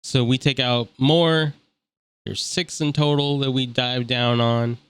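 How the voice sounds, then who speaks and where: A man's voice: mid-range voice, steady tone, slow pace, a bit bright, clean tone, dry recording. A man giving casual, joking let's-play commentary over a game, full of slang and mocking asides. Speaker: gameplay commentator.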